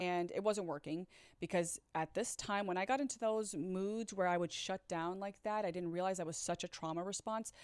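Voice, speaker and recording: A woman's voice: mid-range voice, no echo, clean studio sound. Blunt woman telling a storytime vlog. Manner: blunt and candid, swears freely; animated, talks straight to viewers. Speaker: storyteller recounting a past relationship. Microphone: own microphone.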